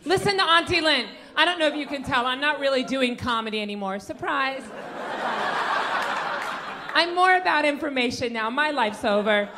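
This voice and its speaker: Woman stand-up, high and brassy, teasing the front row, live club recording with noise. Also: expressive, normal speed. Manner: brassy, teasing audience members. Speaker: stand-up comedian. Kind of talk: stand-up comedy set. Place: comedy club stage with audience.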